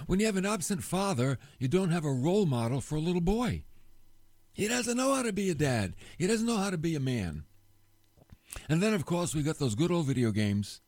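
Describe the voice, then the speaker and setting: An older man preaching in a casual, folksy way, his pitch swooping up and down as he stresses his points. The sound is dry and close, with no room echo. He mixes emphatic teaching with playful asides. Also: darkish tone. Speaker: pastor. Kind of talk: conversational sermon teaching.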